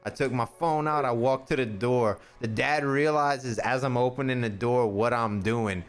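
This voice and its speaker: A man telling a story on a podcast, animated, acting out the people in it and swearing freely. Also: mid-range voice, normal speed. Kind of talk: casual storytelling on a stream podcast.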